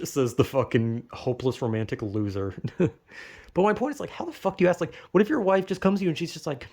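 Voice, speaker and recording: A man's voice: medium pitch, lively intonation, quick pace, a little mellow. A man in his twenties ranting casually in a profane, rambling, sarcastic way, with lots of fillers and restarts. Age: 20s. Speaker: vlogger. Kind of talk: casual monologue rant.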